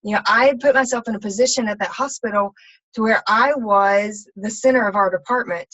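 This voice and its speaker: A woman's voice: medium pitch, a little fast, fairly bright tone. A woman, a fitness coach, telling her personal story in a candid, rambling way full of ums and restarts. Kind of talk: personal testimony talk. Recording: slightly dull, lo-fi sound.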